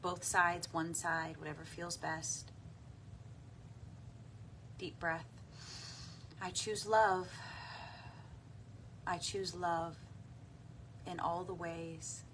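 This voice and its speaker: A woman guides a tapping meditation at a very slow, gentle pace. Her fairly low voice has a bright, clear edge, and a faint hum sits behind it. She pauses often for deep breaths and audible sighs. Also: little pitch movement. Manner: soft, unhurried, with frequent deep breaths and sighs.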